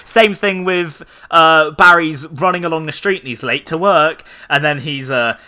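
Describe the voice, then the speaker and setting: A male podcast host in loose casual chat, rambling and joking as he retells a plot. His voice is strikingly bright and sits a little high, and he fills every gap with ums and likes. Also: moderate pace, clean tone. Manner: rambling, joking, lots of fillers.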